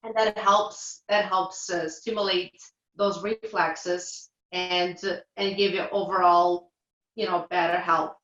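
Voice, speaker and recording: A woman's voice: on the low side, level tone, takes it slowly, fairly bright tone, highs cut off. Woman chatting with many fillers, roomy sound. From Portugal. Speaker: reflexologist guest. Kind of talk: casual interview.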